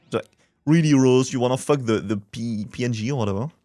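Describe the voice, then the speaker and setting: A man's voice: mid-range voice, fast, mellow, no room sound. A man streaming a game, chatting casually and crudely with a joking, laughing manner, close to a desk mic.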